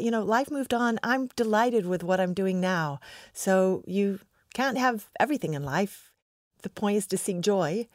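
A woman's voice: medium pitch, expressive, measured pace, no echo, studio quality. A woman with an American accent, a scientist guest telling stories enthusiastically in a podcast interview. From United States.

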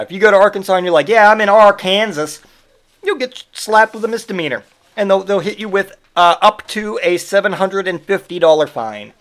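A man's voice: high voice, fairly bright tone. A man hosting a podcast, delivering a profane, sarcastic comedic rant. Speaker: podcast host.

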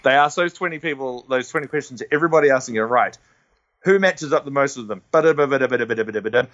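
A man with a New Zealand accent, hosting a podcast in casual chat, quick and joking with dry humor. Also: medium pitch, fairly bright tone. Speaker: podcast host. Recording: slightly dull lo-fi sound.

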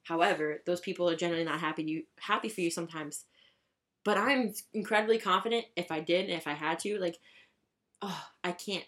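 Young woman, vlogger, casual chat, swears freely, bright tone, lowish pitch. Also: fairly quick. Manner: chatty, profane, bursts into excited high shrieks.

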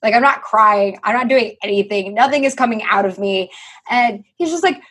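A young woman, a podcast guest, telling stories in a lively, animated way, acting out quotes and swearing casually. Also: mid-range voice, moderate pace, slightly rough. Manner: animated storyteller, acts out quotes, swears freely. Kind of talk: casual conversation.

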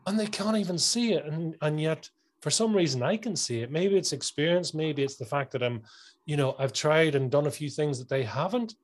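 A man's voice: a little high, moderate pace. A man who is an author and coach, talking casually as a guest and telling stories with enthusiasm. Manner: enthusiastic storyteller, acts out others' lines. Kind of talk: casual conversation.

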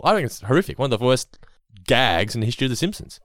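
A man co-hosting a podcast, chatting casually and getting animated, swearing when he's worked up. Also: mid-range voice, racing, dry recording, clean studio sound. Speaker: podcast co-host. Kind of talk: casual chat recapping an episode.

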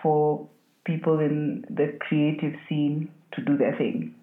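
A woman's voice: sits low, steady tone, slow pace. A woman guest on a podcast, talking in a reflective, heartfelt way in casual conversation. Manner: reflective, emotional, tearful at moments. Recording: echoey, tinny phone-like line.

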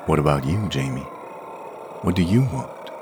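A man voicing a resourceful, guarded woman agent who speaks dryly and with quiet determination, in an audio story. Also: rumbling low, animated, moderate pace, background noise. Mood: soothing.

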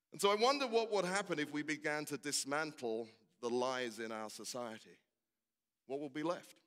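A man's voice: mid-range voice, a bit bright. A man preaches a sermon, building his point through rhetorical questions and repeated refrains that rise in intensity. His voice carries through a large space with a long, lingering reverb.

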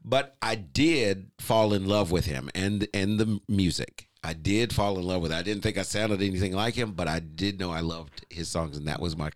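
Very deep-voiced man telling stories. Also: moderate pace, hardly any pauses, no room sound, clean studio sound. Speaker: guest singer. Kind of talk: casual interview storytelling.

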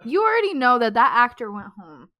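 A woman's voice: a little high, big pitch swings, fairly quick, bright, forceful tone. A woman co-hosting a podcast in casual chat, reacting with laughs and casual swearing. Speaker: podcast co-host.

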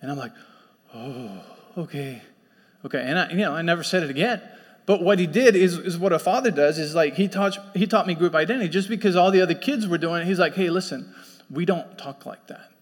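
A pastor preaching a sermon in a conversational, storytelling way, slipping into quoted voices. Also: male voice, sits high, quick pace. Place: church sanctuary. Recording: long church hall reverb.

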